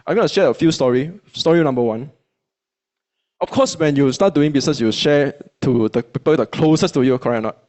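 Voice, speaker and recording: A man with a Malaysian English accent, telling a motivational story to an audience in a colloquial, animated way and acting out his own dialogue. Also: fairly high pitch, a little fast. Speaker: speaker at a business event.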